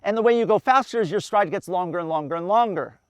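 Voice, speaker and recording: A man's voice: high-pitched, fast talker, smooth, dry recording. A man coaching a group outdoors, explaining running and swimming cadence step by step and counting breaths aloud in rhythm. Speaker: endurance coach.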